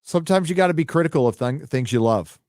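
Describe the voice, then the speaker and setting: A man's voice: on the high side, animated, quick pace, darkish tone, no echo, clean studio sound. Rambling man hosting a live stream. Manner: rambling, offhand, swears casually. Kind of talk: casual live-stream chat, reading donations. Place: home studio.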